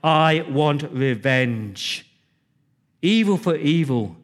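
A man's voice: on the high side, expressive, very slow. A preacher voicing a furious vengeful king. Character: furious young king bent on revenge.

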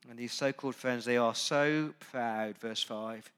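A man preaching a sermon. He talks straight to the congregation and moves from quiet, conversational asides to loud, urgent emphasis. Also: mid-range voice, unhurried, smooth. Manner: conversational, asks the congregation direct questions. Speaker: pastor.

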